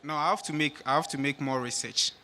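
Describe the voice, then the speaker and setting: A man in the audience asking questions, speaking hesitantly and softly. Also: fairly high pitch, steady tone, fast talker, slight background noise.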